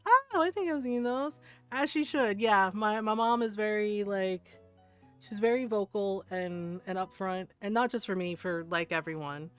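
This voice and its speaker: A woman's voice: mid-range voice, a little slow, fairly bright tone, smooth, soft background music. A woman livestreamer chatting casually with her viewers, answering chat and telling stories with frequent laughs.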